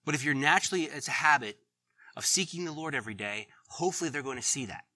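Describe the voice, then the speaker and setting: A man's voice: fairly high pitch, fast, pushed and bright. A middle-aged man preaching in an earnest, conversational way, laughing now and then at his own stories. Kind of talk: sermon.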